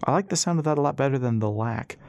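A man's voice: medium pitch, quick pace, creaky, a little mellow, no echo, clean studio sound, natural voice. A man voicing a hero's father, an urgent airship captain.

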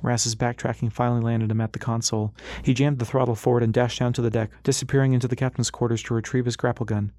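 Steady male audiobook narrator. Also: mid-range voice, fast, few pauses, no echo, clean studio sound. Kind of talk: scripted narration.

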